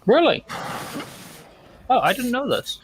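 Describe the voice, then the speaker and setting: A man's voice: very high voice, sing-song, takes it slowly, husky. A man in a casual group voice chat, bemused and given to crude asides.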